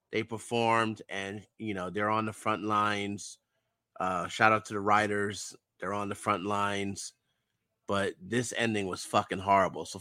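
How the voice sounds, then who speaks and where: A man's voice: on the low side, dry recording. A man co-hosting a podcast, chatting casually and ranting with plenty of swearing. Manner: animated, profane ranting. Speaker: podcast co-host.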